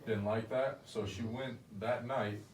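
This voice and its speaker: A man's voice: mid-range voice, steady tone, unhurried, a little mellow. A man interviewing someone, asking loose, casual questions. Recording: distant roomy recording with faint noise.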